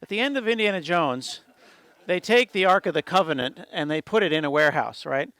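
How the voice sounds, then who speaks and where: A man's voice: on the high side, fairly quick, clear, resonant tone, no room sound. A middle-aged man giving a conference talk, telling a jokey story and acting out the people in it. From United States. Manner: lively, jokey, acts out quoted dialogue. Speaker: conference speaker.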